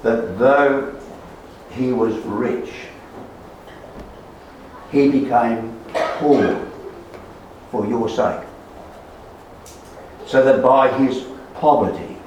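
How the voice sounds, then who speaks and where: A man preaching a sermon, slow and emphatic, repeating key words and letting phrases trail off softly. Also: mid-range voice, background noise. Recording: roomy echo, voice far from the mic.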